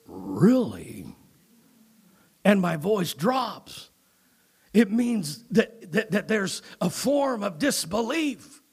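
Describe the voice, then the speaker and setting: A man preaching a sermon as pastor, moving from low, quiet talk to loud, shouted emphasis and often repeating his words. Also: husky.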